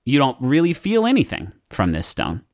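A man's voice: medium pitch, wildly swooping pitch, normal speed, dry recording, clean studio sound. A man narrating a tabletop game as game master in a casual, filler-heavy way.

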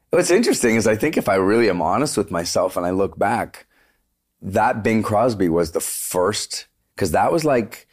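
A man with a very low, deep speaking voice talks casually in an interview. He is a singer telling animated stories and drops plenty of "like" and "dude" along the way, with the odd swear word. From Canada. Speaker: guest singer.

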